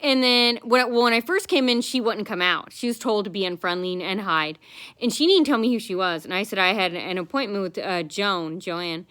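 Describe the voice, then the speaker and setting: A woman's voice: medium pitch, normal speed, fairly bright tone, smooth. A woman telling a long personal story to the camera in a casual, rambling, aggrieved way, full of fillers and restarts. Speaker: vlogger.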